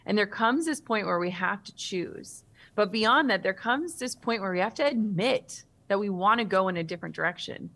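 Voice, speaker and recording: A woman in her thirties, a guest author in an interview, telling a personal story in a vivid, animated way. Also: mid-range voice, moderate pace.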